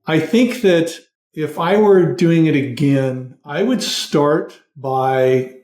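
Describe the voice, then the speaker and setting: A man's voice: a little high, slow pace, darkish tone, reverberant. A middle-aged man, a guest on a podcast, talking earnestly and steadily about hiring as a process. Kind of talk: conversational interview.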